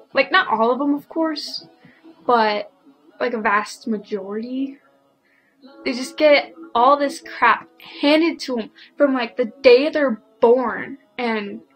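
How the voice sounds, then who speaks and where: A teenage girl ranting casually to camera, rambling and indignant, filling every pause with "like". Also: high-pitched, fairly bright tone, poor audio. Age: teens. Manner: rambling, packed with "like" fillers; indignant, opinionated. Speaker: vlogger.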